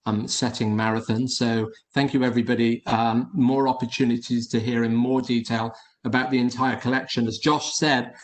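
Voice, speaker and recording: A man presenting his hotels on a video call, chatty and friendly in tone, often repeating words as he talks. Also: medium pitch. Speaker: hotel group founder presenting. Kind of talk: casual presentation. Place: at home or office in London.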